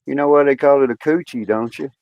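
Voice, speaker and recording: Gravelly man making crude jokes. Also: medium pitch, quick pace, highs cut off, noisy background. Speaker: live stream guest. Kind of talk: casual chat.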